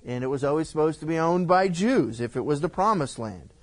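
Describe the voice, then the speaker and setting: A man's voice: a little high, lively intonation, brisk. A male pastor works through scripture verse by verse, stopping to explain in plain everyday words. His delivery is conversational, with casual asides and restarts. He sounds like he is teaching a congregation.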